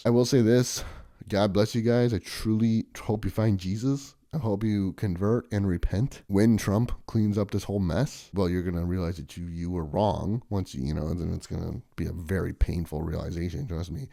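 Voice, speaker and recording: A man with a low, mellow voice talks straight to camera in a loose, rambling vlog. He is chatty and sarcastic, recorded close in a dry, dead room. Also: fairly even intonation, moderate pace, gravelly, dry recording. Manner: chatty, sarcastic, mocks others in shrill impressions. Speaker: vlogger. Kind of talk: casual rambling monologue.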